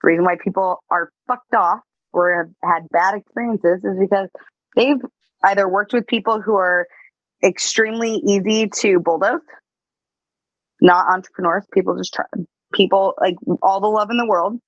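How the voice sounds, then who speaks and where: A woman's voice: mid-range voice, steady tone, moderate pace, no room sound, highs cut off. A woman giving blunt, emphatic sales coaching in a casual podcast chat, swearing freely.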